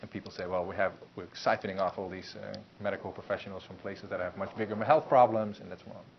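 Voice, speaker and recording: Rambling lower-voiced male lecturer. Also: steady tone, fast talker, vocal fry. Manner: loose and conversational, full of fillers and restarts. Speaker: university lecturer. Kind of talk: classroom lecture. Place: classroom. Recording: muffled lecture recording with faint hiss.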